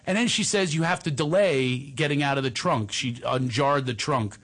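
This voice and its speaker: A man's voice: medium pitch, normal speed, a bit bright. A middle-aged man telling comic, self-mocking anecdotes on a talk show, slipping into voices as he goes. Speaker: guest storyteller.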